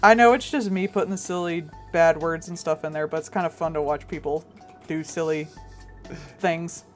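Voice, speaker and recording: A woman's voice: low voice, fairly even intonation, normal speed, soft background music. Rambling, foul-mouthed woman chatting on stream. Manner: rambling, filler-heavy, swears freely, laughs often. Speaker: artist streaming for supporters. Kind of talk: casual chat on a stream.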